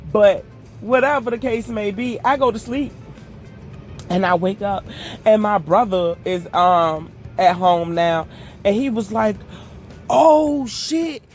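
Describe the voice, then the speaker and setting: Profane, animated woman telling a storytime. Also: mid-range voice, unhurried, faint music behind. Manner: profane, animated, addresses viewers as y'all. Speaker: storytime vlogger. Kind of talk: casual storytime. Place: outdoors while walking.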